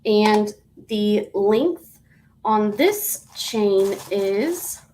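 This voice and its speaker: A woman selling jewelry on a live stream, chatty and unhurried, dropping to soft half-whispers and breaking into sing-song greetings. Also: medium pitch, animated, slight background noise, poor audio. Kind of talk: live auction sales stream.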